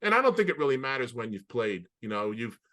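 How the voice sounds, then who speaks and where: A man co-hosting a podcast over a video call, telling anecdotes in an animated way with many restarts. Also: medium pitch, quick pace. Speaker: podcast co-host. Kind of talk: casual storytelling chat.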